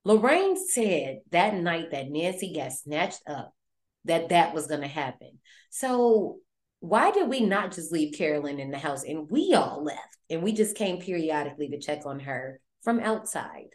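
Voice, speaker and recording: A woman with a lowish voice hosts a podcast, retelling a horror film in loose, chatty slang. She talks animatedly and swears freely. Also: lively intonation, a little slow. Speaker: podcast host. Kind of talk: casual horror movie recap.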